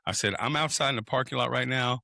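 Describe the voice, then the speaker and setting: A man's voice: mid-range voice, fast talker, gravelly, no echo, clean studio sound. A man telling a long story on a podcast, swearing freely and acting out what people said. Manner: animated, profane, acts out quoted people. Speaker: podcast co-host. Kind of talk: casual storytelling chat.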